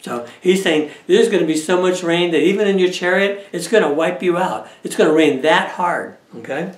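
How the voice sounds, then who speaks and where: A man's voice: high-pitched, normal speed. A man teaching a Bible study lesson in a conversational way, often checking in with his listeners. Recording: echoey room.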